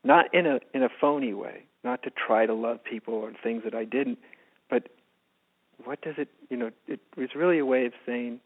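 Soft-spoken man on a tinny phone line. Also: medium pitch, normal speed. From United States. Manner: soft-spoken, often drops to a hushed voice. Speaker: spiritual teacher, guest. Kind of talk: reflective personal storytelling.

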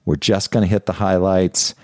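A man's voice: low voice, flat delivery, moderate pace, darkish tone, dry recording, clean studio sound. A middle-aged male pastor preaching a sermon in an earnest, confessional way, often repeating and restarting phrases.

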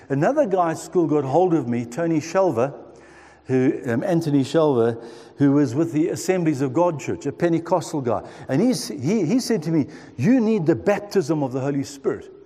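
A man's voice: fairly high pitch, animated, moderate pace, dark tone, big-room sound. A man in his sixties telling his own story in a sermon, in an earnest tone that speaks straight to the listeners. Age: 60s. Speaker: preacher. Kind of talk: sermon testimony.

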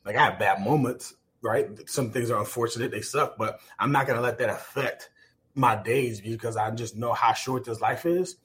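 A man's voice: medium pitch, moderate pace, fairly bright tone, slight background noise. A man in his forties, a former football player, telling his life story earnestly on a podcast, with many fillers and restarts. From United States. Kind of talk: reflective personal storytelling.

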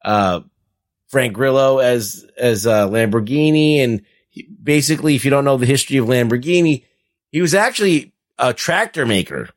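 A man's voice: medium pitch, expressive, normal speed. Rambling, profane man on a podcast. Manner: rambling, profane, laughs while talking. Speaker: podcast co-host. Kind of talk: casual chat.

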